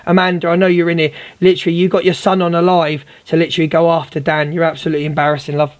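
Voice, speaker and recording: Talking very fast with flat delivery, a man in a slightly high voice hosts a livestream and angrily confronts a viewer, calling her darling again and again.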